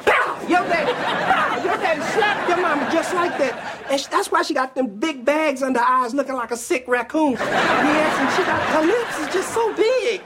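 A shrill boastful old uncle. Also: male voice, normal speed, few pauses, a loud crowd, heavy background noise. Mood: boastful, rambling. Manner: rambling, bragging, excitable. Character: loud boastful eccentric older male uncle. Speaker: sitcom character. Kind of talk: studio sitcom acting. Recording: loud studio audience laughter.

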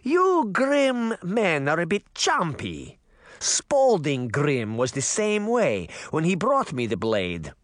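A man acts out a menacing old witch with a heavy Russian accent, high and taunting. She swings her voice up and down, gleefully threatening children in a dry, close storybook recording. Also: wildly swooping pitch, slow, dry recording, full character voice. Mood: mocking. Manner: mocking, relishing threats.

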